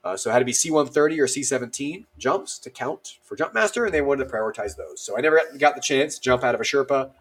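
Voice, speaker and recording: Quick-paced with few pauses, his mid-range voice carries a breathy edge. He's a thirty-something army veteran on as a guest, spinning casual stories in an animated way, voicing people's dialogue and leaning on plenty of fillers.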